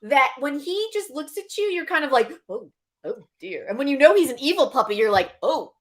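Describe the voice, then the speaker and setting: A woman co-hosting a casual chat show, animated and laughing as she acts out scenes. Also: high-pitched, quick pace. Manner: animated, laughing, acting out scenes with quoted voices. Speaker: podcast co-host.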